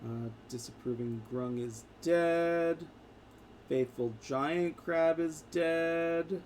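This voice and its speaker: A man narrating a tabletop game as game master, in a casual, halting way with fillers. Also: on the high side, darkish tone, slight background noise.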